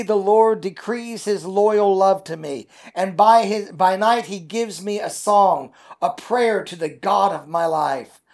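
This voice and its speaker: A middle-aged man preaching a sermon, reading scripture aloud and commenting on it, stretching key words for emphasis, with hesitant fillers in between. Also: high-pitched.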